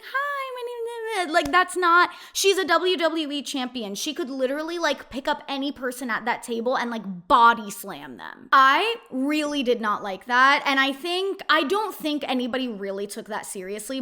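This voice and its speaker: A young woman with a bright, sharp voice, sitting somewhat high for a woman. She talks through a reality TV recap in a chatty, opinionated way and leans on "like" constantly. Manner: chatty, opinionated, heavy use of "like". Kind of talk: casual recap monologue.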